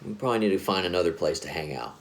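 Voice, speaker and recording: A man's voice: sits low, animated, very fast, a little hiss or hum. A man telling a spooky story in a casual, rambling way, often correcting himself. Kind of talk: spoken scary story narration.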